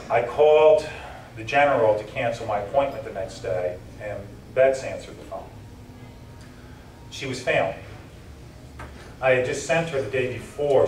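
A man's voice: on the low side, slight background noise. A man giving an emotional keynote speech at a banquet, telling personal stories with a voice that drops and catches at tender moments. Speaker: keynote speaker. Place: banquet hall. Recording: roomy hall recording from a distance.

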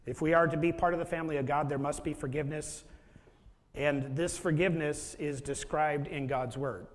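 A man's voice: a little high, steady tone, normal speed. A male pastor giving a conversational sermon and often asking the listeners rhetorical questions. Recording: long hall reverb.

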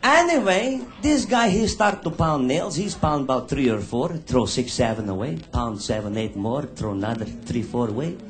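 A man's voice: medium pitch, animated, normal speed, hardly any pauses. A male stand-up comedian telling profane jokes in broken English on a noisy live recording.

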